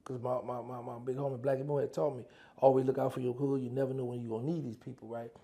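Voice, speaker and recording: A man's voice: mid-range voice, little pitch movement, fast talker, vocal fry, dark tone. A man telling his prison stories in a casual interview, acting out phone calls in dialogue as he speaks. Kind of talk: casual storytelling.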